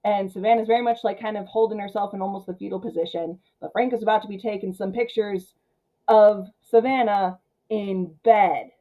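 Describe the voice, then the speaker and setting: A woman hosting a casual film recap, chatty and full of filler words, who acts out the characters' lines in quick paraphrase. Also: medium pitch, fairly even intonation, narrow, tinny audio. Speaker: film channel host.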